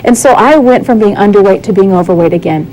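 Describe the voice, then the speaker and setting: A woman's voice: mid-range voice, fast, warm tone, slight background noise, poor audio. A woman giving a candid, earnest personal testimony as a guest on a talk show, often acting out the dialogue she quotes.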